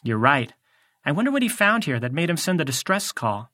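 A man's voice: fairly high pitch, sing-song, brisk, sharp tone. A man voicing a confident, cool teenage girl. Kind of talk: audiobook character voice.

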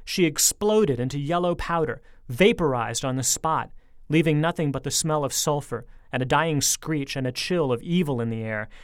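A man reading a story aloud in a lively, expressive way, his voice sitting at an ordinary middle pitch. The sound is dry and close to the mic. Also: clear, resonant tone, dry recording. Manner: lively storytelling, speeding up in tense moments. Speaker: audiobook narrator.

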